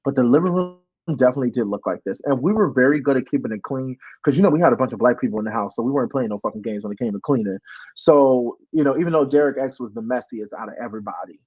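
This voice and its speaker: A man chatting over a video call, telling stories in an animated way and cursing freely. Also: mid-range voice, racing, slightly rough, highs cut off. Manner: animated storyteller, curses freely. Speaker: former reality show contestant. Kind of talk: casual video call chat.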